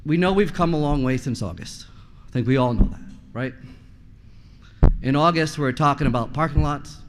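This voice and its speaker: A man's voice: mid-range voice, slight background noise. A man in his forties, a parent speaking at a school committee meeting, blunt and impassioned, with frequent rhetorical questions. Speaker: parent giving public comment. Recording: long reverb in a meeting hall.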